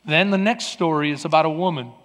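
Brief: male pastor preaching in a big church, high voice, long reverb, repeats himself. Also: fast talker. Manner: preaching with a loud, lively delivery that drops to soft, earnest talk; repeats words and restarts often. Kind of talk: sermon. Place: large church.

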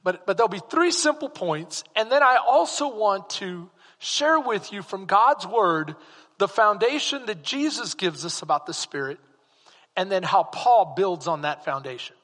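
Male pastor, high ringing voice, sermon in a reverberant church hall. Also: a little slow. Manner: animated preaching with rhetorical questions to the congregation.

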